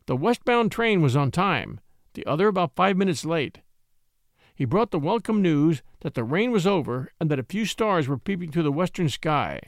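Male storyteller, fairly high voice, expressive reading, dry studio sound. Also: normal speed, no echo. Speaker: narrator. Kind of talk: scripted storybook narration.

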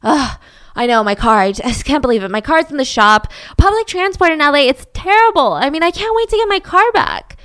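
A woman's voice: high voice, lively intonation, a little fast, a bit bright, dry recording, clean studio sound, pitched above the performer's own voice. A woman voicing a young man who chats up a stranger in an eager, friendly way, with stammers. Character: smooth-talking young man charming a stranger.

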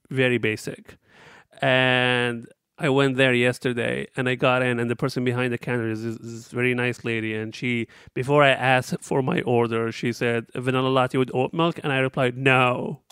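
A man's voice: mid-range voice, fairly bright tone, smooth, no echo, clean studio sound. A young man, a podcast co-host and comedian, telling self-mocking stories in casual chat and acting out his own lines.

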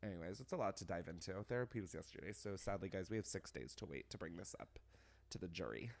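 A young man hosts a casual podcast chat, gossiping with friends. His pitch swings widely as he tells stories, and he breaks into laughter often. He fills his talk with "like" and keeps a loose, playful tone. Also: fast talker. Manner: animated, gossipy, laughs often, heavy use of "like". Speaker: podcast host.

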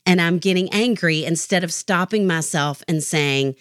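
A woman's voice: on the low side, normal speed, smooth, no room sound, studio quality. A middle-aged woman therapist, a podcast guest, talking in an earnest, reflective way and telling stories. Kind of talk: podcast interview conversation.

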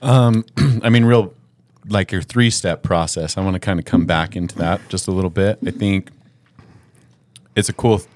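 A man with a very deep voice co-hosts a casual podcast. He asks probing questions and often restarts a thought mid-phrase. The sound is dry and close. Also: dry recording. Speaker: podcast co-host.

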